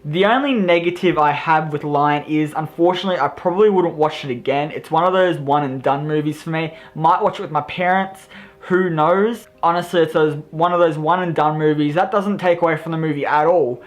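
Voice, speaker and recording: A man's voice: on the high side, fairly quick. Chatty Australian guy reviewing films. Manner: enthusiastic, rambling, self-deprecating. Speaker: movie reviewer. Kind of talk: casual vlog review.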